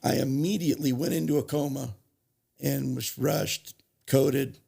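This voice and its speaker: A man telling his recovery story as a podcast guest, halting and restarting as he goes, plainly moved as he recalls it. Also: mid-range voice, fairly even intonation, creaky, warm tone, slightly rough. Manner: halting, restarts and self-corrections, emotional retelling. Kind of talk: personal storytelling.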